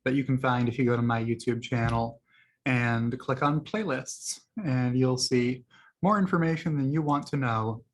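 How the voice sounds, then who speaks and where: A man hosting his own video, casually talking through tweets he liked, rambling with many fillers and laughing at his own jokes. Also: medium pitch. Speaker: video host.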